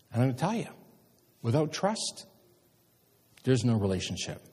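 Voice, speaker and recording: A middle-aged man, a pastor preaching a sermon and telling stories with animated emphasis. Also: medium pitch, slightly rough. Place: church sanctuary. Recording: long church hall reverb.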